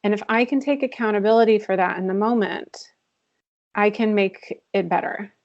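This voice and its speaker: A woman's voice: medium pitch, steady tone, moderate pace, a little mellow. A woman guest in a candid interview, talking earnestly and reflectively and laughing often, heard over a video call. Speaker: podcast guest, author. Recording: dull lo-fi call audio.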